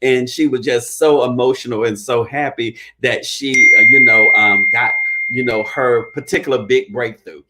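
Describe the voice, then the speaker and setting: A man's voice: mid-range voice, steady tone, normal speed, heavy background noise. Emphatic man coaching his viewers. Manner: emphatic, preachy and joking. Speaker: credit repair consultant. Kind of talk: casual talk to viewers.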